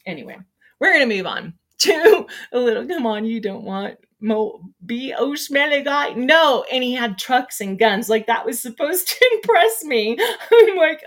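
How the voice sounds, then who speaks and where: A middle-aged woman hosting a relaxed morning show, telling stories in a casual, animated way. She laughs often and squeals when something excites her. Her voice sits a little high. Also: a little slow. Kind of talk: casual chat.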